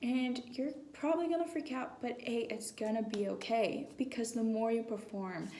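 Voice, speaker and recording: A woman's voice: a little high, moderate pace, dark tone, a little hiss or hum. A woman giving casual, encouraging singing tips to viewers in a chatty, rambling way. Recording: echoey room.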